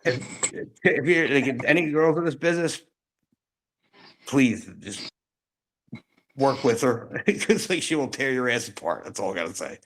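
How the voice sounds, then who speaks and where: A man's voice: mid-range voice, expressive, measured pace, long pauses, low-quality recording. A man in a casual interview who rambles through stories, full of fillers. He laughs often as he talks. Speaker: interview guest, wrestler. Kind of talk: casual storytelling chat.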